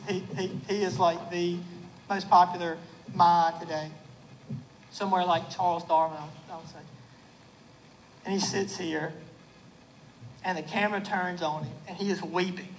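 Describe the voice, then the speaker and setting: A pastor delivering a sermon in a church, emphatic, repeating phrases and slowing to stress key words. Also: mid-range voice, a little hiss or hum, rough recording.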